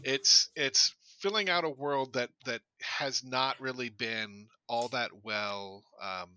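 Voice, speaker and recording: A man co-hosting a podcast, chatting casually in a reflective, measured way with some stammered starts. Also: mid-range voice, pushed and bright, smooth, rough recording. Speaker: podcast co-host.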